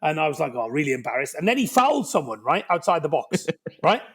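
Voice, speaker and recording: A man in his fifties from Wales with a Cardiff Welsh accent, telling animated stories as a podcast guest. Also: fairly high pitch, fast, breathy edge. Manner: animated, lively anecdote-telling with frequent "right?". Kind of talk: podcast interview storytelling.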